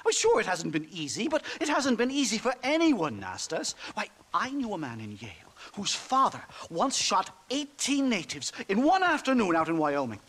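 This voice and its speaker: A man's voice: high voice, huge pitch swings, moderate pace, hardly any pauses, a bit bright, husky, heavily acted. An actor playing a pompous, lecturing male professor in video game dialogue. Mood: lecturing, condescending.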